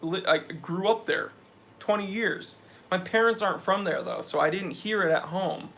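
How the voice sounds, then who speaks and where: A man's voice: high-pitched, normal speed, gravelly, fairly bright tone, a little hiss or hum. A young man from New England hosting a live stream, chatting loosely and answering viewers. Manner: chatty, loose, reads viewer comments aloud. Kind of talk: casual live stream chat.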